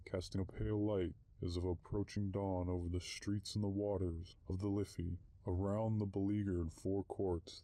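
A man narrating short stories in a measured, unhurried reading. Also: deep voice, dark tone, no room sound. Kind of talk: audiobook story reading.

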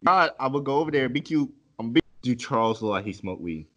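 A podcast host in loose, casual chat whose voice swings up and down with lively expression. He jumps in animatedly, stumbling and restarting his sentences as he reacts. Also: medium pitch, a little fast, muffled recording, background noise.

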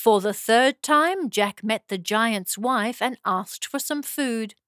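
A woman narrating a fairy tale for children in slow, simple, clear phrasing. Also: fairly high pitch, a bit bright, no echo, studio quality. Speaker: storyteller.

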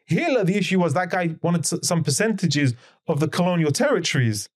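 A man's voice: high-pitched, animated, brisk. A man talking as a podcast guest, explaining history emphatically and firing off rhetorical questions. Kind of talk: conversational podcast lecture.

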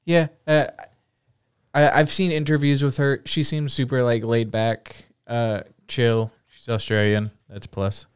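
A young man co-hosting a podcast in casual chat, laid-back with a dry, deadpan manner. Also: mid-range voice, measured pace, clean tone, dry recording. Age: young adult.

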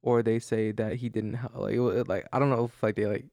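A man's voice: fairly low pitch, little pitch movement, fairly quick, gravelly, a little mellow, dry recording, studio quality. A tired young man hosting a casual chat, rambling with lots of restarts. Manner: rambling, many restarts and fillers. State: tired, yawning. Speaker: podcast host.

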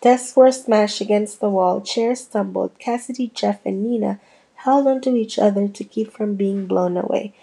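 A woman reading a children's ghost storybook aloud, voicing the kids' lines with a lively lift. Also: mid-range voice, moderate pace, gravelly, slightly rough, rough recording. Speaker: audiobook reader. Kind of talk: storybook narration.

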